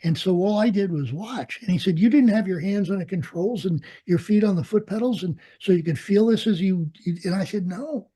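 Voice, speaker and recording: Older man, veteran interviewee; husky, mellow voice, lively storyteller who acts out the dialogue. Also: high voice, brisk, hardly any pauses. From United States. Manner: animated storyteller, acts out quoted dialogue, laughs often. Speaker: interviewee, Vietnam veteran pilot. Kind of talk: storytelling in an oral history interview.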